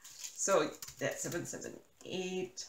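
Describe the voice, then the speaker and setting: A woman from the US chats casually while she works on a craft project, wandering off topic and correcting herself often. She talks slowly, in a mid-pitched voice. The room is echoey, with a faint hiss behind her. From United States. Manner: rambling, filler-heavy, self-correcting. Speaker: crafting YouTuber.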